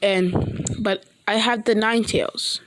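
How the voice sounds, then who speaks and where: Woman voicing a guarded ninja boy, wary, talks slow n plain. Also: mid-range voice, steady tone, background noise, lightly acted.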